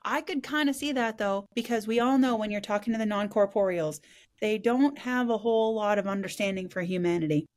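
A woman's voice: mid-range voice, a little fast, darkish tone. A woman hosting a casual spiritual podcast, talking frankly, swearing now and then and laughing easily. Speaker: podcast host.

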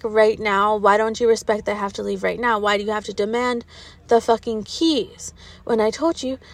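A woman in her thirties with a high voice vents to her viewers in a loose storytime monologue, swearing freely and rambling from one complaint to the next. The sound is dry and close, with no room around it. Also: dry recording. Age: 30s. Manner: candid, profane, rambling, animated retelling. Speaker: social media creator. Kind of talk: casual storytime vent to viewers.

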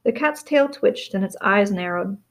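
A woman's voice: medium pitch, moderate pace. Woman reading a novel aloud. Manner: steady storytelling with small slips and restarts. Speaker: reader.

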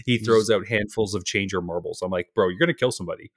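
A man's voice: fairly low pitch, quick pace, dry recording, studio quality. A man co-hosting a podcast, telling stories in a profane, exasperated rant. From Canada. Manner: profane, ranting, exasperated storytelling. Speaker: podcast co-host. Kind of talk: casual chat.

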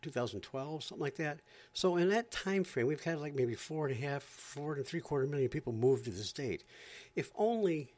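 A man's voice: on the high side, lively intonation, fairly quick, a little mellow. A man from Florida doing a sarcastic, exasperated stand-up rant. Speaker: comedian.

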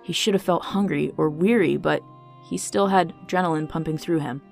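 A woman reading a fantasy story aloud as the narrator, in a steady, measured way. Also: low voice, vocal fry, faint music behind.

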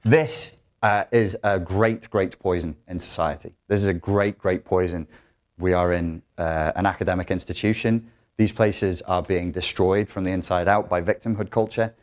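Man, low voice, lecture room talk to a crowd, animated delivery, acts out little voices. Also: normal speed. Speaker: speaker giving a talk. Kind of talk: live lecture to an audience. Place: lecture room in an academic institution.

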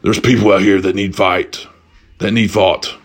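A man voicing a costumed stranger who puts on a low, slow, mock-serious Batman growl. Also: little pitch movement, natural voice. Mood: mock-heroic. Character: grown man in cheap Batman costume doing gravelly hero voice.

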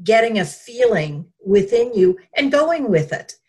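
A woman who is a guest in an interview, speaking thoughtfully with pauses and small restarts. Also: fairly high pitch, sing-song, a little mellow, breathy edge. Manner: slow, thoughtful, halting with pauses. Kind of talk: reflective conversational interview.

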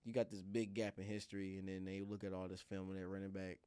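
A man co-hosting a sports podcast, playful and animated, repeating lines for emphasis. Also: low-pitched, fast, clear, resonant tone, no room sound, clean studio sound. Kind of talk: casual sports chat.

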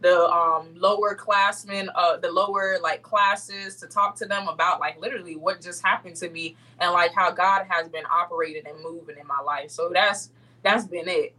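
Bright-voiced young woman, heartfelt. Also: fairly low pitch, normal speed, rough recording. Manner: expressive, heartfelt, laughs often. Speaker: interview guest. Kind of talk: casual interview chat.

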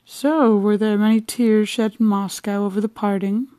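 A dry, bantering official husband who counts out every word, as a woman reads him. The voice is dark and gravelly with a flat, even delivery. The sound is close and dry. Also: mid-range voice, a little slow, no room sound. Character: cold, formal middle-aged husband, a government official.

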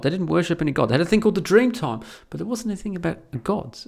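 Gravelly man ranting casually. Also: on the high side, very animated, fast talker, a little mellow. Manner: profane, rambling, with many restarts. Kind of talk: casual rant.

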